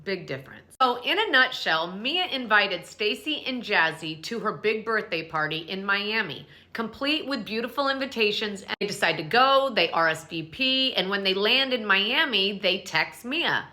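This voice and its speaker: A woman with a bright, forward voice runs through a reality show recap in a casual, chatty way. She is sassy and opinionated, with blunt little asides. Her pitch sits in a middle range for a woman. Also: lively intonation, normal speed, hardly any pauses.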